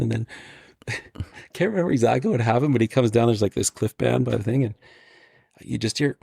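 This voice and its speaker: A man's voice: mid-range voice, animated, a little fast, creaky, a little mellow, dry recording, clean studio sound. A man on a podcast as the guest, telling rambling, profane stories and acting out quotes. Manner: rambling, restarts, swears, acts out quotes. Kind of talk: casual storytelling.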